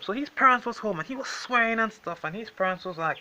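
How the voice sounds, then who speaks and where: A young man recounts a falling-out in a loose, casual storytelling rant. His voice sits a touch high and comes across tense and sharp. He is blunt and exasperated and swears freely. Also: animated, fast talker, hardly any pauses, muffled recording, a little hiss or hum. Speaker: storytime vlogger.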